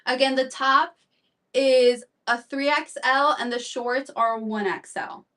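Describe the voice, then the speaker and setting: A slightly breathless woman runs a live shopping stream, rambling through sizes and prices with lots of fillers. Her voice sits a little high and comes from a bit away from the mic. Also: fairly even intonation, slow, bright, forceful tone, recorded from a distance. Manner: chatty, rambling, fillers and repeats. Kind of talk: live-stream sales chat.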